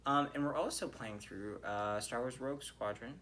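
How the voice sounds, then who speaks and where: Male podcast host, bright and edgy tone, animated fan reaction with frequent cursing. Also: mid-range voice, moderate pace, a little hiss or hum. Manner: animated, swearing, ranting. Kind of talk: solo hockey game reaction.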